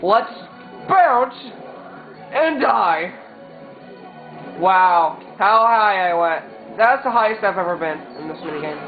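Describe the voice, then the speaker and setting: A man's voice: sits high, lively intonation, slow pace, long pauses. A man giving casual gameplay commentary, rambling and stumbling over restarts. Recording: tinny, echoey, loud game music.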